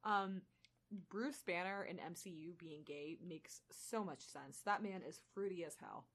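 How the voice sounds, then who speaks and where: A woman's voice: on the low side, measured pace, a bit bright. A young woman podcast co-host chatting casually, wry and self-deprecating. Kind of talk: casual chat.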